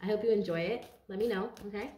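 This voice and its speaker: A woman giving a casual tarot reading straight to her viewers, chatty and animated, laughing often and talking to them as "you guys". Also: medium pitch, quick pace, echoey room. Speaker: tarot reader.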